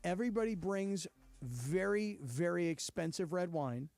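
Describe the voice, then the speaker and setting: A man hosting a radio sports talk show, telling stories in relaxed, unhurried studio banter. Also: high-pitched, creaky, dry recording, faint music behind. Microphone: studio microphone.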